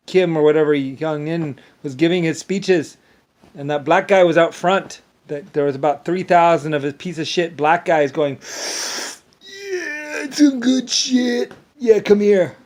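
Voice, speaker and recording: A man in a rambling, angry monologue that keeps repeating itself and often stumbles over restarts. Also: on the high side. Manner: angry, repetitive ranting with profanity.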